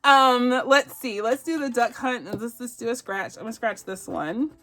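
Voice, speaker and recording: Her voice is high-leaning and sharp, delivered at a moderate pace. She's a cheerful budgeting channel host who gushes and giggles through a relaxed review of savings challenges, sprinkling in "y'all."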